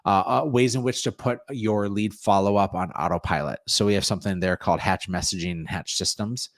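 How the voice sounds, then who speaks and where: A man guest, a real estate coach, answering interview questions in an energetic, salesy way. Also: lowish voice, brisk, no room sound, studio quality. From North Dakota. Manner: energetic, salesy, plugs his offers.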